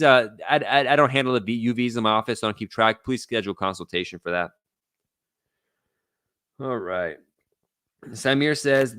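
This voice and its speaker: Man, immigration lawyer, live Q&A, bright tense voice, dry close sound, casual and blunt. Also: medium pitch, clear, resonant tone, no echo. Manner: casual, reads out viewer questions and answers bluntly. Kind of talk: live Q&A stream.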